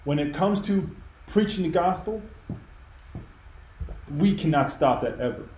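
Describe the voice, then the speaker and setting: A man's voice: fairly high pitch, expressive, measured pace, darkish tone, reverberant, a little hiss or hum, low-quality recording. A man preaching a sermon, earnest and emphatic in a conversational way. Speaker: pastor. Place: church.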